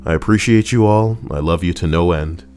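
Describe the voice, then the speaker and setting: A man hosting a casual reaction stream, talking in a slangy, animated way and swearing freely. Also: low-pitched, a little fast, over music. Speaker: streamer host.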